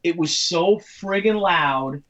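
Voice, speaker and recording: A man's voice: sits high, slow pace, fairly bright tone. A man co-hosting a podcast in casual chat, rambling through stories and often acting out the voices of people he quotes. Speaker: podcast co-host. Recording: muffled lo-fi mic from a distance.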